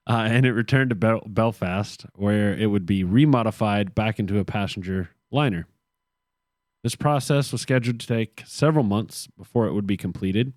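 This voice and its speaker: Here a podcast co-host works through historical notes at a moderate pace, his low, darkish voice punctuated by sarcastic jokes in a casual setting. The recording is dry and studio quality.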